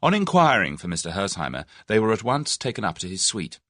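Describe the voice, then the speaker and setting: A man narrating an audiobook novel in an expressive, measured storytelling manner. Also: lowish voice, no echo, clean studio sound.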